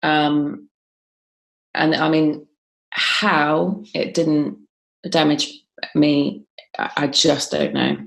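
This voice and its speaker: Woman guest, low pitch, gravelly fry, hesitant storytelling with ums. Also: little pitch movement, very slow, pauses often. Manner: frequent ums and restarts, quoting others as she tells it. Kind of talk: conversational interview storytelling.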